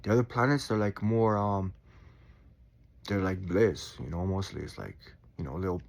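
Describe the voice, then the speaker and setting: A man in his forties talking in a calm, reflective way about staying chill, with sighs and quiet asides. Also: deep voice, normal speed, vocal fry. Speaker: spiritual vlogger. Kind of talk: casual reflective monologue.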